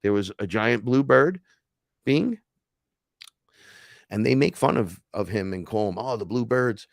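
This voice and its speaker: Man, podcast host, casual storyteller; low-pitched, excitable, foul-mouthed, loud-then-hushed delivery; dry close sound. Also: a little slow, vocal fry, dry recording. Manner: profane, excitable, swings between loud and hushed. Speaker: podcast host recounting an experience.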